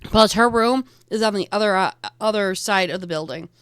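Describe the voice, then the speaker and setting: A woman's voice: mid-range voice, normal speed, smooth, no room sound. A woman narrating a tabletop game as game master, describing scenes casually with fillers.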